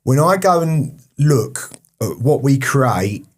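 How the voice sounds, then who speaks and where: Husky man rambling with enthusiasm. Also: medium pitch, expressive, takes it slowly, darkish tone. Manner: rambling, enthusiastic, repeats himself. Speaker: podcast host. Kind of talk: casual chat.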